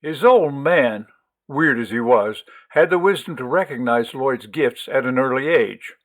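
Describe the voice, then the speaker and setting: A man's voice: medium pitch, animated, measured pace, rough recording. A man in the middle of the male range narrates an audiobook. His reading is wry and sardonic, and he delivers the crude first-person story with a dry, knowing edge. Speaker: audiobook reader and host.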